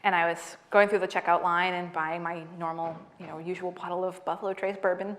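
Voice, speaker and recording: Lively woman author telling stories. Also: fairly low pitch, fairly quick. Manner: lively storyteller, laughs a lot, acts out dialogue. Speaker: author giving a library talk. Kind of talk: talk and audience Q&A.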